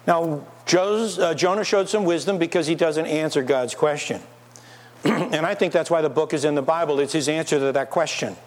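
A pastor with a high-ish voice and moderate pace preaches a sermon in a church, posing rhetorical questions to his listeners. The recording carries long hall reverb.

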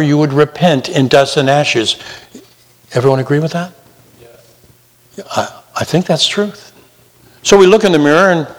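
A man preaching a sermon with emphasis, slipping into mocking imitations of sinners. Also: medium pitch. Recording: long hall reverb.

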